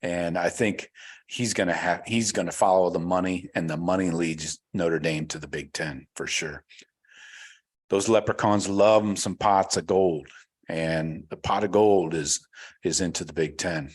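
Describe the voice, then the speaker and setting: Laid-back deep-voiced American man chatting. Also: measured pace, slightly rough. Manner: relaxed, rambling, swears casually. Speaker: podcast host reading live chat. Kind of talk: casual livestream chat.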